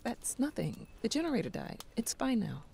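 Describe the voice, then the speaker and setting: An actress playing a distracted mother on a phone call in a game, briskly reassuring. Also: on the high side, big pitch swings, vocal fry, warm tone, slight background noise. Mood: brushing off. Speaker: game character.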